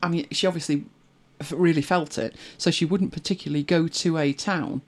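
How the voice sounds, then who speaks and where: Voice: medium pitch, fairly even intonation, a little fast. A middle-aged speaker with an English accent, chatting casually and reflectively as a host, often laughing and trailing into asides. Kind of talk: casual chat.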